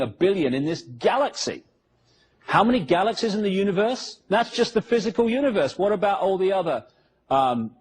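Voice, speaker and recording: A man's voice: fairly high pitch, a little mellow, slightly rough. A man giving a public lecture with slides, talking the audience through pictures with sarcastic, mocking asides.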